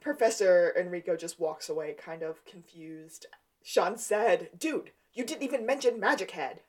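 A woman's voice: on the low side, normal speed. A woman co-hosting a podcast, casually retelling scenes from a TV episode and acting out the characters' lines. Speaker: podcast co-host. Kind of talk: casual recap chat.

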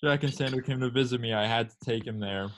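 A young man in casual chat, telling a story in an animated way with swearing. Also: medium pitch, fast. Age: young adult. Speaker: storyteller friend.

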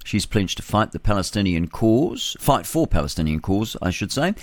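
A man runs through the news headlines on talk radio. His voice sits low, and the sound is close and dry, with no room in it. He drops in scornful remarks between the stories. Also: big pitch swings, moderate pace, no room sound. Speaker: radio host. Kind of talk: reading news headlines with opinionated asides.

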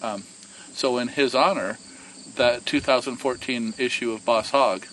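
A man's voice: mid-range voice, fairly even intonation, measured pace, fairly bright tone, a little hiss or hum, low-quality recording. A man who co-founded a whiskey distillery tells its story casually and with animation, often repeating and restarting words.

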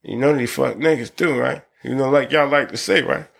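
Gravelly, profane man riffing. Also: medium pitch, fairly quick. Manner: profane, rambling, swings into loud excited laughter. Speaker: podcast host. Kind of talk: casual chat.

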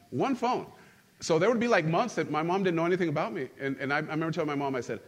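A middle-aged man preaching a sermon as pastor, animated and joking, calling out to his congregation. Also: on the high side, fast. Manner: animated, humorous, calls on the congregation. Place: church sanctuary.

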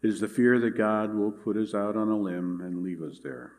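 Male pastor, lowish voice, measured earnest sermon delivery. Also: darkish tone. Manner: measured, earnest preaching with scripture reading.

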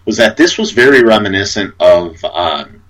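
A man's voice: on the low side, expressive, moderate pace, a bit bright, husky, low-quality recording. A man co-hosting a casual chat about a TV show, hesitant, with many fillers and restarts. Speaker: podcast co-host.

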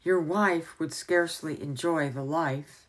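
A woman's voice: sits low, a little slow. Testy old wizard tutor, voiced by a woman; impatient, scornful, fussy.

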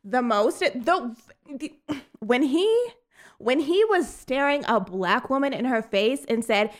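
A woman co-hosting a casual movie review chat, expressive and incredulous. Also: fairly high pitch, takes it slowly.

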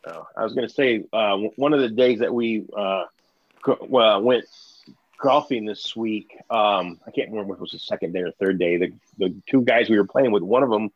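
A man's voice: on the low side, fairly quick, no room sound. A man co-hosting a podcast, chatting casually with frequent swearing. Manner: profane, animated, laughs a lot. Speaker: podcast co-host. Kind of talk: casual chat. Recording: dull lo-fi mic.

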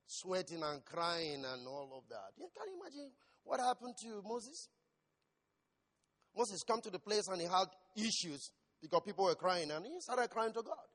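Pastor, male, preaching voice with shouted peaks, high register, long hall echo. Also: very animated, normal speed. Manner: asks the congregation questions. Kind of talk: sermon.

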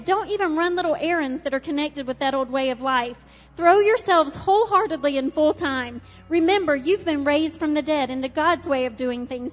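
A woman preaching a sermon with passion, moving between loud urgent pleading and quiet intimate moments. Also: sits high. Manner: impassioned, swings from loud urgency to hushed intimacy. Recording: dull reverberant hall with soft music.

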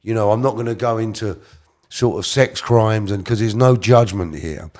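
With a lowish, slightly mellow voice and a moderate pace, a middle-aged man chats through a story as a guest in an interview. It's casual and rambling, full of self-corrections and bits where he voices other people.

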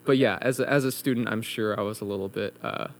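A man's voice: lowish voice, steady tone, fast talker. A young man, a new guitar instructor, talks in casual conversation, earnest and reflective with some hedging fillers. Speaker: guitar instructor, former student.

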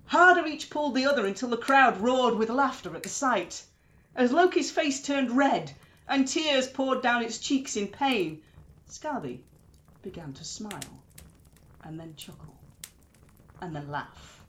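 A woman storyteller narrating a myth in an expressive, lilting way. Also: fairly high pitch, unhurried, slight background noise.

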